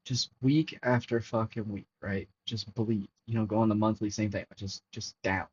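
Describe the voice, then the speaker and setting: A man hosting a crypto livestream, talking casually and excitably over charts and swearing freely to his chat. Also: on the low side, normal speed, slight background noise. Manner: profane, excitable, talks to chat. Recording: dull lo-fi stream audio.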